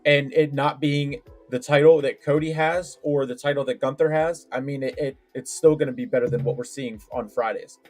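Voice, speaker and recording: A man's voice: mid-range voice, fairly even intonation, moderate pace, hardly any pauses, darkish tone, soft background music. Hesitant man co-hosting a wrestling podcast. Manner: hesitant, many fillers and restarts. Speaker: podcast co-host. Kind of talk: casual wrestling chat.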